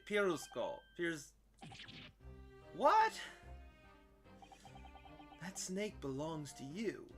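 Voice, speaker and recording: A man's voice: a little high, exaggerated voice. A brash, doting circus woman, put on by a man, dropping her articles and hammering each word. Game music plays under the voice. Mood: defensive. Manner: broken English, dropping articles, loud and emphatic. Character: bold Russian circus woman, doting snake owner.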